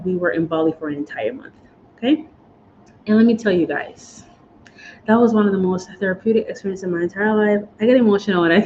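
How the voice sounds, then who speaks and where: Her voice sits in the mid-range and has a somewhat mellow quality as this American vlogger chats casually and with feeling, regularly addressing "y'all" and "guys." The recording is lo-fi and dull, carrying faint noise.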